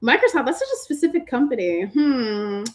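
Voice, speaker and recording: Her voice is a touch high and expressive, moving at a moderate pace. She's a livestream host from Massachusetts who answers viewers' chat questions through a computer mic, teasing playfully and filling her slangy speech with "like."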